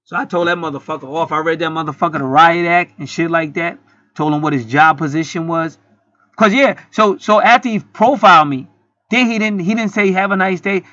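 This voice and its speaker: A man's voice: on the high side, a little fast, pushed and bright, dry recording, highs cut off. A man ranting in an indignant, profanity-heavy commentary vlog as channel host.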